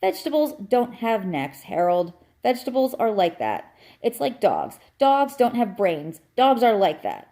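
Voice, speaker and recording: A woman's voice: mid-range voice, wildly swooping pitch, unhurried, few pauses, warm tone, pitched above the performer's own voice. A woman voicing a smug, know-it-all male house cat who lectures in a cool, condescending way. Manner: coolly explaining, condescending.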